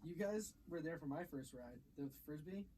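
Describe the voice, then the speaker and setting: A man's voice: a little high, lively intonation, normal speed, mellow, slight background noise. A young man chatting casually, laughing easily as he recalls old trips. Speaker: podcast co-host. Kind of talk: casual chat.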